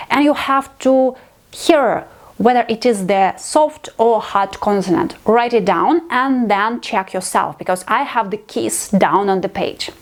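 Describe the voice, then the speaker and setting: Slow-speaking woman language teacher. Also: medium pitch. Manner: patient, explains step by step in simple non-native English. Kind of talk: online video lesson.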